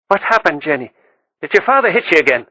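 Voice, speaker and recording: A man voicing a kind, motherly countrywoman who scolds gently, in an audiobook. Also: a little high, big pitch swings, fast, dry recording, pitched above the performer's own voice, heavily acted, poor audio. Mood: caring, gently scolding. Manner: gentle mock sternness.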